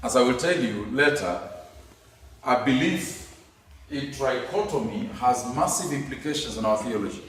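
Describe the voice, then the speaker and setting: A man's voice: mid-range voice, expressive, normal speed, a bit bright. Emphatic man teaching in an echoey room. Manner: emphatic, with many rhetorical questions. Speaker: Bible teacher. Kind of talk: teaching lecture. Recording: very echoey room, mic at a distance.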